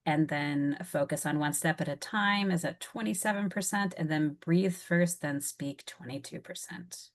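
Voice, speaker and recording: Low-voiced woman reading poll results. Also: moderate pace, few pauses. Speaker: webinar moderator.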